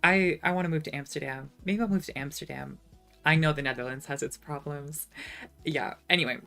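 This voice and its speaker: Low-voiced woman streamer, chatty and sarcastic. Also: a little fast, creaky, faint music behind. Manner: chatty, animated, sarcastic asides. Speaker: streamer reading live chat. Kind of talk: casual livestream chat.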